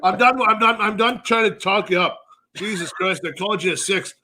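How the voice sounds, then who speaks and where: A Canadian man co-hosting a podcast, rambling and swearing loudly through casual banter. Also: high-pitched, brisk, slight background noise. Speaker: podcast co-host. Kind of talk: casual profane chat.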